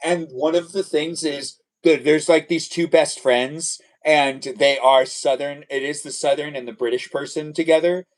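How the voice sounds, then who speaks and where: A man's voice: fairly high pitch, fairly even intonation, moderate pace, hardly any pauses, distant mic, rough recording. A young man hosting a casual livestream, rambling with many fillers and restarts. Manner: rambling, hesitant, lots of fillers. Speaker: livestream host.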